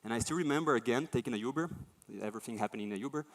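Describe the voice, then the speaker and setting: A man's voice: mid-range voice, rapid-fire. A man giving a conference talk, telling stories and acting out the voices of people and things he quotes. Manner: animated storytelling, acts out quoted voices. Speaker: conference speaker.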